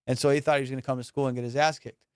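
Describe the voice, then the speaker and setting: A young man hosting a podcast, casually telling a story in slangy, animated talk and acting out the people in it. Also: medium pitch, very fast, smooth, no echo, studio quality. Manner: animated, laughing, slangy retelling with quoted voices. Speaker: podcast host.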